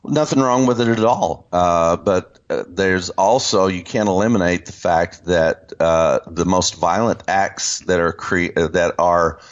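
Man, very low voice, halting speech with fillers, theology discussion, dull lo-fi recording. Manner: halting, many fillers and restarts. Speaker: Christian teacher. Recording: dull lo-fi sound.

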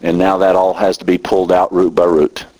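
A man's voice: little pitch movement, a little fast, a little mellow, rough recording. A middle-aged man preaching a sermon as a minister, talking with growing passion. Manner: impassioned, rising in pitch when emotional.

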